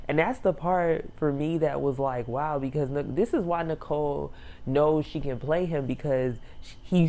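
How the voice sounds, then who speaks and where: A woman's voice: deep voice, a little mellow. A young woman reviewing a reality show in a rambling, casual way, laughing often and using many fillers.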